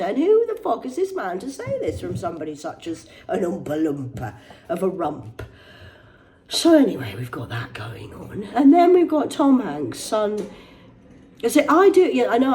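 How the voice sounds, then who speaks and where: A woman rambles through the celebrity headlines, swearing and drifting into mock outrage. Her pitch swings widely from low mutters to high indignant peaks. Her tone is dark and mellow. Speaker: host reading celebrity news. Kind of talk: casual news commentary.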